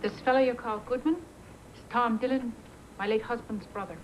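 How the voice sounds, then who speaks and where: An actress playing a wary widow who answers the police curtly and with bitterness. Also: female voice, a little high, fairly even intonation, normal speed, a little hiss or hum, lightly acted, rough recording. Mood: bitter. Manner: curt, tight-lipped, then bitter.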